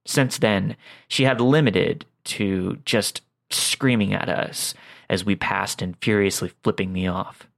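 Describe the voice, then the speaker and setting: Male narrator, low gravelly voice, calm scripted horror storytelling.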